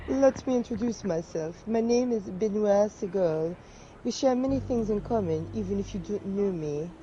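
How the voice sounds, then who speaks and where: A woman voicing a calm, knowing, old-fashioned male vampire in a tabletop game. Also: mid-range voice, normal speed, dull audio, slight background noise, natural voice.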